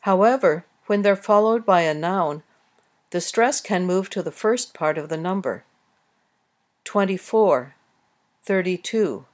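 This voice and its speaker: A woman narrating a scripted pronunciation lesson, speaking carefully with clearly enunciated words. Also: lowish voice, moderate pace. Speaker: English pronunciation teacher.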